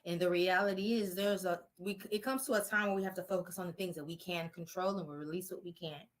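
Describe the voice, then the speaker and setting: A woman's voice: lowish voice, steady tone, fast. A woman relationship therapist answering interview questions in an earnest, encouraging, direct way.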